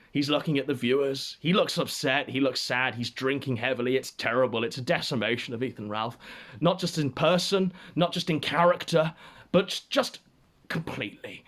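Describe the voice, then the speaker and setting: Sardonic, theatrical man, high lively voice. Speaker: show host. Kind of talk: mocking livestream commentary.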